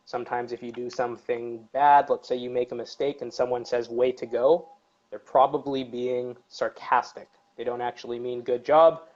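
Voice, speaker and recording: English teacher guy reading out comments and answering, mid pitch, muffled stream audio. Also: little pitch movement, normal speed, a little mellow. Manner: reads viewer questions aloud, then answers at length. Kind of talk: live-streamed Q&A chat.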